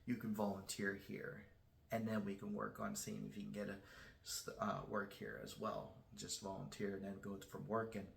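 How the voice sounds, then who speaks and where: A man's voice: fairly low pitch, completely flat delivery, moderate pace, gravelly, slight background noise. A man voicing a friendly, easygoing big zookeeper in a retold story, in an echoey room.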